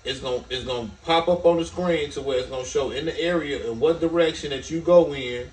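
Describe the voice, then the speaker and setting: A man's voice: on the high side, fairly quick, a little mellow. A man co-hosting a casual talk show who rambles, repeats himself and swears. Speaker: co-host. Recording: echoey room, distant mic, faint hum.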